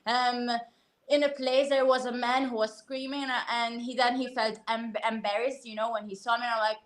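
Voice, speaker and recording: A woman guest talking candidly and earnestly on a talk show, telling stories with animated asides. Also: a little high, moderate pace. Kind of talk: casual talk-show conversation.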